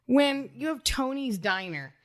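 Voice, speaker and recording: Female podcast panelist, high and very lively voice, laughs a lot, swears. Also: measured pace. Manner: animated, laughs often, swears casually. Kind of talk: casual movie-review chat.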